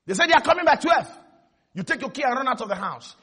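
A man preaching a sermon in an animated way, acting out little scenes and leading the congregation in call and response. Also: extremely high pitch, fast talker, husky.

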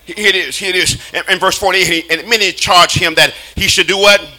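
A man preaching a call-and-response sermon in a church, shouting and singing his phrases. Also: high-pitched, fairly even intonation, fairly quick, low-quality recording. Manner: shouting, sing-song preaching cadence.

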